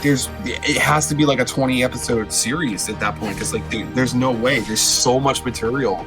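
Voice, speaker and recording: A man's voice: mid-range voice, normal speed. A man streaming a game, chatting casually and laughing a lot. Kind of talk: casual gameplay commentary. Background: game music.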